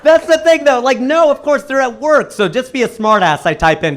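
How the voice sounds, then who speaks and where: Stand-up comic, man, middle-aged, lively storytelling that jumps up and down in pitch, faint background noise. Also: fairly quick. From United States. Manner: animated storytelling with big jumps in pitch and level. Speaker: stand-up comedian. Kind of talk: stand-up comedy set. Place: comedy venue with live audience.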